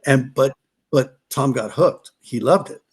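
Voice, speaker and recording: A man's voice: medium pitch, a little slow, darkish tone, husky. A middle-aged man from California, a podcast guest telling motocross stories in a casual, rambling way, restarting sentences and acting out what others said. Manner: rambling, restarts, acts out quotes. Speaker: podcast guest, former off-road racer. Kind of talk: casual storytelling.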